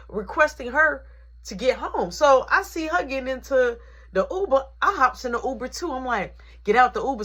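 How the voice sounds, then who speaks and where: A woman telling a personal story in a casual, animated, conversational way. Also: high voice. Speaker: vlogger.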